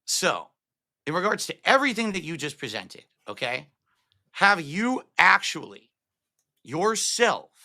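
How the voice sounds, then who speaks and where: A man's voice: a little high, sharp tone. A man as a guest in a heated interview, insistently asking to be allowed to answer. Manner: insistent, keeps asking to be heard.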